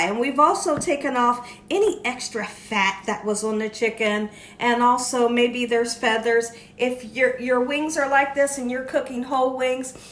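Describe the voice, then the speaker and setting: Woman, cooking tutorial host, chatty, slightly high voice, faint background hum. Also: fairly bright tone. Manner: chatty, frequently checks in with "okay". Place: kitchen. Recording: echoey room.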